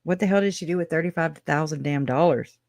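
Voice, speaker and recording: Reading case notes on her true-crime livestream, this host talks fast and chattily, laughing often, tossing in sarcastic comments and slang like "y'all." Her deep voice is gravelly yet a bit mellow, captured in a clean studio with no room sound.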